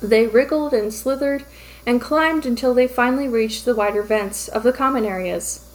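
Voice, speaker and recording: A woman narrating a fan fiction story aloud in a brisk, lightly amused storytelling manner. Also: fairly high pitch, poor audio.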